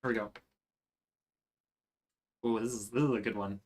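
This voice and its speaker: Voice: mid-range voice, steady tone, moderate pace, background noise. A live streamer chatting casually with viewers while working, answering chat as they go.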